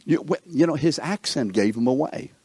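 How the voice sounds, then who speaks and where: A man's voice: mid-range voice, normal speed, breathy edge, no echo. A man teaching a Bible lesson and asking his class questions. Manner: animated, asks the class questions.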